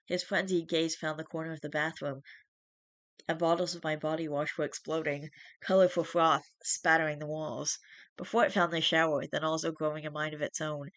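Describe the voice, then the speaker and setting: A streamer reading a first-person horror story aloud in steady narration, with small restarts. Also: mid-range voice, dry recording.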